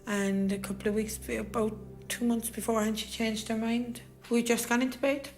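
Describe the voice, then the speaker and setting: A middle-aged Irish woman speaking in an interview as a bereaved mother, with a soft, halting and hesitant way of talking. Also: on the high side, little pitch movement, soft background music. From Ireland. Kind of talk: emotional interview recollection.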